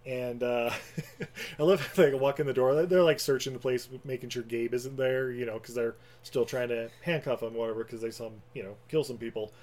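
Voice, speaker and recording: A man's voice: mid-range voice, steady tone, brisk, a little mellow. Rambling, laughing man recapping a movie. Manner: rambling, laughing, full of fillers. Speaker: podcast co-host recapping a movie. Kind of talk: casual chat.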